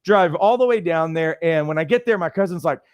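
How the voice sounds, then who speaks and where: Man, life coach teaching, animated storyteller, slightly high pitch, dry close sound. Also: a little fast, dry recording, muffled recording. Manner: conversational, lots of fillers and restarts, animated storytelling. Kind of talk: teaching talk with personal stories.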